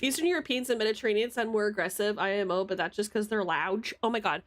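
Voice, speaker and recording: A young American woman streaming from her desk at home, chatting loudly and casually with viewers, swearing and laughing easily. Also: mid-range voice, no echo. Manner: loud, chatty, swears freely, quick to laugh. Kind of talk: casual livestream chat with viewers. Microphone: streaming mic.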